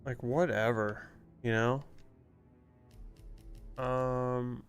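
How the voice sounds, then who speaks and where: A male gaming streamer talks through his play in loose, rambling commentary. He sounds annoyed and swears often, with a smooth, clear voice at an ordinary pitch. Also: fairly even intonation, very slow, soft background music. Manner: irritated, rambling, swears a lot.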